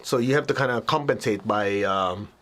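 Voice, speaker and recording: At a normal speed and with a fairly bright tone, a meditation teacher talks conversationally through a spiritual lesson. He regularly checks in with those listening, and he plays out reactions with quick high yelps.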